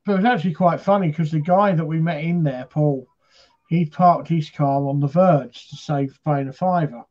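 A man's voice: on the high side, moderate pace, darkish tone, highs cut off. A man from Britain hosting a paranormal chat show, telling stories in a rambling, casual way with lots of fillers.

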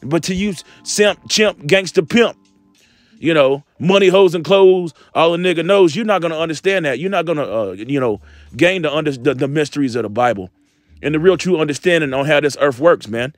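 A man preaching an informal, rambling sermon, swearing often, tacking "man" onto his lines and slowing right down to read scripture aloud. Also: a little high, no echo. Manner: rambling, profane, confrontational, repeats "man"; reads scripture slowly and deliberately. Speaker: street preacher.

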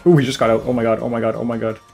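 Fast-talking, swearing gamer man. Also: medium pitch, flat delivery, vocal fry, faint music behind. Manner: rapid, swears a lot, loud outbursts. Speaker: gaming streamer. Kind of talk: excited gameplay chat.

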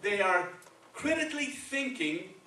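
His voice sits high and sounds sing-song, pushed, and bright, moving a little slowly. The man preaches in Spanish-accented English in a conversational way, often checking in with the congregation with "okay" and "right." The recording is from far off in an echoey church sanctuary, with slight background noise.

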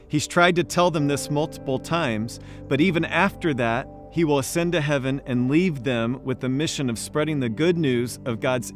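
A man preaching a sermon as pastor, telling stories and building emphasis by repeating phrases. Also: medium pitch.

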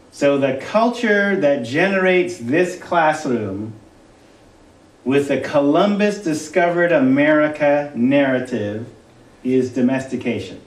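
A male college instructor giving a conversational classroom lecture, halting often with fillers and restarts. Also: mid-range voice. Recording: roomy classroom from a distant mic.

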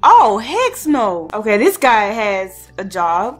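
A young woman giving playful, slangy let's-play commentary, excitable and reading game dialogue aloud. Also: medium pitch, slow pace, soft background music. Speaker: gaming streamer.

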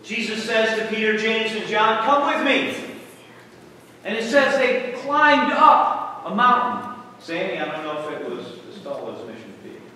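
A high, lively male preacher with a bright, ringing tone, putting questions to his congregation as he works through the story. He is caught on a camera microphone from far off in a church hall, with long reverb and a faint hiss behind him. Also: measured pace. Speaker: pastor. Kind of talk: sermon.

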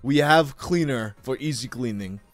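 A man putting on a mock Russian accent to voice a stiff, broken-English product FAQ in a halting, clipped, deadpan reading. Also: medium pitch, no room sound, faint music behind, natural voice.

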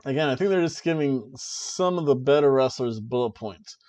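A man co-hosting a podcast, casually recapping a wrestling show in an excited play-by-play way with jokey asides. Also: mid-range voice, normal speed. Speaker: podcast co-host.

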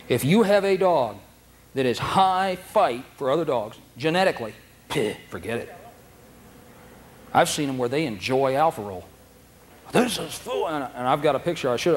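A man teaching a dog training seminar in a folksy, animated way, acting out dogs' thoughts in silly voices, recorded on a noisy old video tape. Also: mid-range voice. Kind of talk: seminar lecture.

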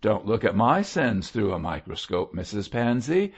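A man's voice: fairly low pitch, sing-song, normal speed, slightly rough. A man reading an audiobook voices an outspoken little old woman, tart and blunt. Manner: tart, speaks her mind. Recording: dull lo-fi audio.

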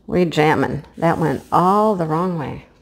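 A woman chatting casually to her viewers as she unboxes a craft kit, gushing with excitement. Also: sits low, measured pace, creaky. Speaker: craft vlogger.

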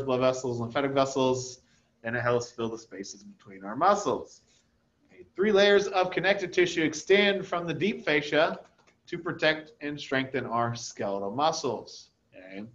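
A man giving a recorded anatomy lecture over slides in a relaxed, conversational way, often checking in with "okay?". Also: a little high, normal speed, dull audio. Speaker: anatomy instructor.

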